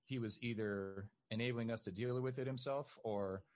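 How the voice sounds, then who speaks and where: A man's voice: mid-range voice, steady tone, moderate pace. A man talking as a podcast guest, telling stories in a casual way and laughing often. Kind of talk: casual conversational storytelling.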